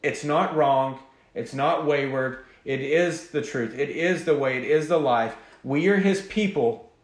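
A man preaching as a pastor, earnest and emphatic, opening with a quiet prayer. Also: medium pitch, unhurried, reverberant. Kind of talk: sermon.

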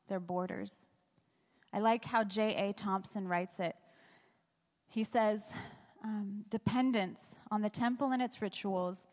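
A woman's voice: on the high side, big-room sound. A woman pastor giving a conversational sermon, asking the congregation rhetorical questions.

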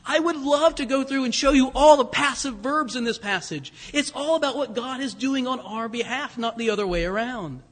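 Male pastor, middle-aged, chatty animated sermon, high voice, long hall reverb. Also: normal speed, hardly any pauses. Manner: conversational, animated preaching with asides and fillers.

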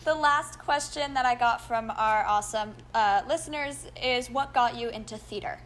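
A woman's voice: on the high side, normal speed, fairly bright tone, a little hiss or hum. A woman hosting a casual interview podcast, upbeat and gushing, laughing a lot as she reads out questions. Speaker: podcast host.

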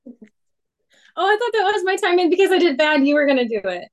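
A woman's voice: extremely high pitch, very animated, quick pace. A woman co-hosting a podcast in casual chat, giggling and fumbling her intro takes. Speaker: podcast co-host.

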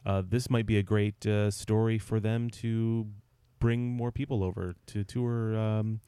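A man co-hosting a podcast with a dark, mellow tone. He jokes loosely, laughs often and leans on fillers as he chats. His voice sounds dry and close, with no room around it. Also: lowish voice, level tone, a little slow, clean tone, no echo. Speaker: podcast co-host. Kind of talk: casual chat.

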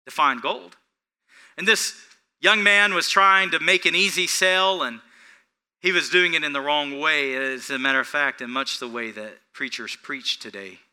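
A man's voice: a little high, moderate pace, pushed and bright, smooth. A man, the pastor, preaching a sermon without notes and asking the congregation questions.

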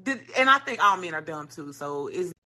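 A woman co-hosts a casual podcast chat, telling stories loudly and cursing freely. Her voice is bright and a little husky, and her pitch swings widely as she gets animated. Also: normal speed. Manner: loud, profane, animated storytelling with laughter. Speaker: podcast co-host.

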